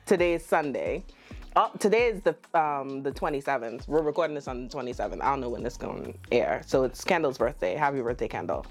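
A woman's voice: very deep voice, animated, fast talker, soft background music. A woman with a Bahamian accent hosting a casual podcast chat, teasing and playful with her friends. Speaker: podcast host.

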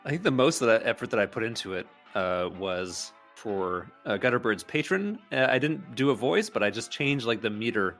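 A man's voice: medium pitch, expressive, moderate pace, hardly any pauses, a bit bright, faint music behind. A man chatting as a podcast guest, hesitant and full of fillers. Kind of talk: casual chat.

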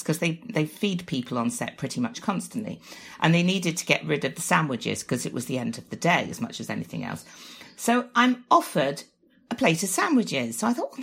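Brief middle-aged woman, low husky voice, animated self-mocking storyteller with a swooping delivery. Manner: self-mocking, laughs often, acts out quotes. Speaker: guest telling an anecdote. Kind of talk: animated anecdote, chatty.

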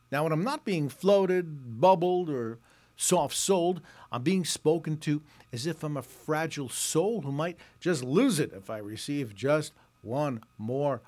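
A reporter in his sixties hosts a scripted commentary show and podcast. He sounds sarcastic and wry, mocking the pitches he reads out loud.

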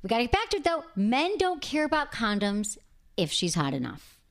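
Fast, lively woman podcast host. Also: fairly high pitch. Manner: animated, chatty storyteller. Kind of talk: casual podcast chat.

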